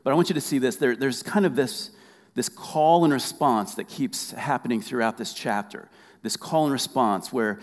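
A man preaching a sermon, conversational and humorous, reading scripture aloud slowly. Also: mid-range voice, long reverb tail. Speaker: pastor.

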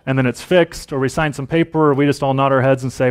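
A man's voice: mid-range voice, fairly even intonation, brisk, hardly any pauses, clean tone. A man preaching a Sunday sermon in a church service, reading scripture aloud and then reflecting on it in plain words.

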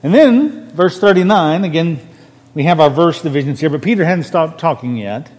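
A minister preaching a sermon from a podium, earnest and conversational, stressing key words. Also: male voice, a little high, lively intonation, moderate pace, darkish tone, big-room sound. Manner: earnest, conversational preaching with restarts and rising emphasis. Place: church sanctuary on a raised podium.

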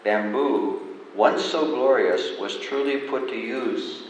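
Preacher in a very echoey sanctuary. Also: male voice, mid-range voice, slow, slight background noise. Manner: dramatic, shifts between loud and soft. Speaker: pastor. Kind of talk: sermon with storytelling. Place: church sanctuary. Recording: echoey hall, distant mic.

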